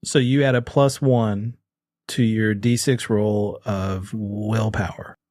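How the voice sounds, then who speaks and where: A man narrating as game master of a tabletop role-playing game, relaxed and chuckling as he describes the scene. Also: on the low side, slow, dry recording, studio quality.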